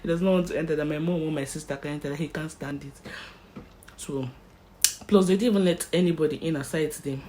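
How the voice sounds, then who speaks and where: A young Nigerian woman with a Nigerian accent, telling a personal story in an animated storytime vlog and slipping into Pidgin. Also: sits low, fast, slight background noise. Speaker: vlogger.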